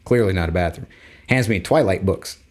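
A man's voice: deep voice, a little fast. A young adult man telling a story in a casual chat, acting out quoted voices.

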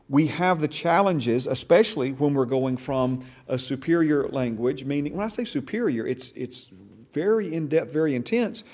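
A man's voice: on the high side, darkish tone. A man teaching a church discipleship class, talking casually and animatedly, often restarting words and checking in with "okay?" and "amen?". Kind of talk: conversational Bible teaching. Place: church classroom, also streamed online.

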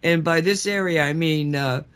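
A man's voice: a little high, moderate pace, clean tone. Rambling man telling a story. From South Florida. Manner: rambling, animated, many restarts. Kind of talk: casual storytelling.

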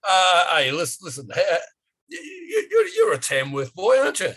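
A man with an Australian accent co-hosting a podcast over a video call, stumbling over repeated words and cracking deadpan jokes. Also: sits high, moderate pace, slightly rough. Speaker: podcast co-host. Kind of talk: casual podcast banter.

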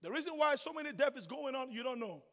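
A man preaching a sermon, swinging from hushed asides to shouted declarations. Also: very high voice, animated, quick pace. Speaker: pastor. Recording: long hall reverb.

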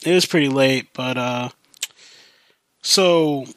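A man's voice: medium pitch, takes it slowly, no echo. A young man hosting a podcast, telling a long story in a casual, rambling way, full of fillers. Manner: rambling, heavy use of fillers like "like" and "you know". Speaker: podcast host.

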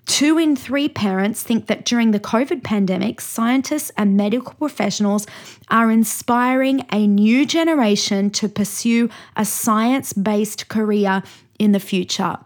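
An Australian woman pastor hosting a teaching talk, reading out lists with energy and emphatic pauses. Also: a little high. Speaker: pastor and host.

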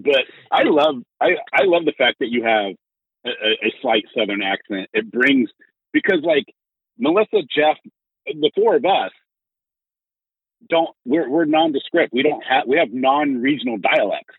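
A man hosting a podcast, telling stories in animated, teasing casual chat. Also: mid-range voice, moderate pace, husky, dry recording. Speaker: podcast host. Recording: tinny phone-like line.

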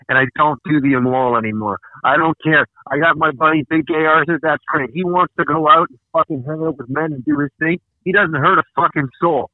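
A man's voice: mid-range voice, fairly even intonation, brisk, no room sound. A man hosting a podcast, ranting angrily and profanely with lots of emphatic repetition. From Canada. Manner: angry, profane, emphatic ranting with repeated words. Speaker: podcast host. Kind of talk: casual podcast rant. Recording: tinny phone-like dry sound.

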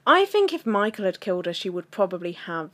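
A woman co-hosting a chatty podcast who teases and laughs easily. Her pitch swings widely as she talks, and she stays animated throughout. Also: a little fast. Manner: laughs often, teasing and animated. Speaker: podcast co-host. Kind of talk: casual chat.

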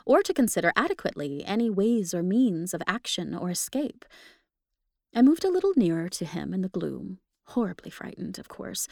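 A woman giving an expressive, emotional first-person reading of a ghost story for a podcast. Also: medium pitch, creaky, no room sound, studio quality. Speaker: podcast reader.

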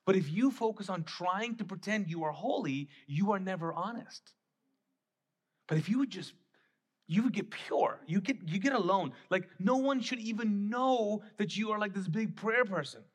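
A man from the Middle East preaches a sermon in a husky, slightly higher-than-usual voice. He talks to the congregation in a conversational, emphatic way. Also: expressive, moderate pace. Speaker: pastor.

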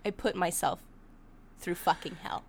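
A woman co-hosting a podcast who chats casually and expressively about a film, swearing and laughing easily. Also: lowish voice. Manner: expressive, profane, quick to laugh. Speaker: podcast co-host. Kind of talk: casual film recap chat.

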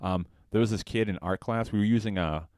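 A man's voice: fairly low pitch, fairly quick, darkish tone, dry recording. A young man chatting casually as a podcast co-host, blunt and crude, swearing and using lots of "um" and "like". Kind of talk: casual chat.

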